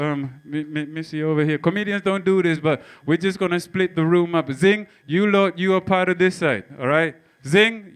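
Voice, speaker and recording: A man working a live comedy club crowd, brash and full of swearing as he tells his story. His voice is clear and smooth, and it sits a little higher than most men's. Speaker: stand-up comedian. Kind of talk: stand-up comedy set with crowd work. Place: comedy club stage before a live audience.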